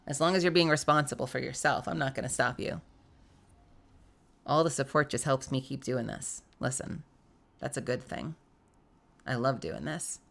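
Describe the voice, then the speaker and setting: A woman's voice: very deep voice, gravelly, fairly bright tone. A young woman streaming live while sick and coughing, chatting casually and greeting viewers by name with frequent laughter.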